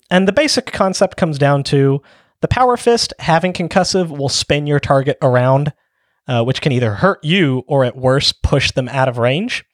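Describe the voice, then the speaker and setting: Walking listeners through the rules of a tabletop game, a male co-host of a relaxed podcast fills his explanations with ums. His voice is a little high. The sound is clean studio audio with a dry character.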